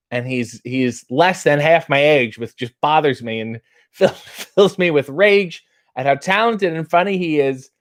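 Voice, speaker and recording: A man hosting a casual live chat, reading viewer questions and answering with wry, self-mocking jokes. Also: fairly high pitch.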